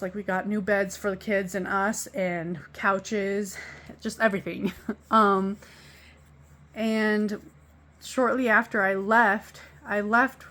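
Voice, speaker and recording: A woman's voice: mid-range voice, fairly bright tone. A woman telling a painful personal story, emotional and blunt, swearing and laughing through the hurt. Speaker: vlogger.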